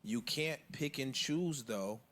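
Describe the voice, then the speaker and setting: A man's voice: mid-range voice, slow pace, fairly bright tone. A man on a discussion panel who talks emphatically and insists on finishing his point. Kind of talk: panel debate.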